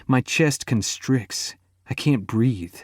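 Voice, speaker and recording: A man's voice: medium pitch, takes it slowly, dry recording, clean studio sound. A man narrating a romance audiobook in the first person, intimate and emotive, sinking almost to a whisper in tender moments.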